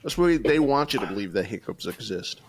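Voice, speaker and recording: A man co-hosting a casual podcast who teases his co-host and makes deadpan jokes. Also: fairly low pitch, a little fast, noisy background.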